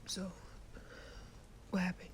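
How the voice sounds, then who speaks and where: A woman voicing a protective, sleepy teenage boy in a gentle, laid-back whispered role-play. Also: slow, very noisy, lightly acted. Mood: soothing. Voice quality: soft whisper. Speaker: ASMR creator.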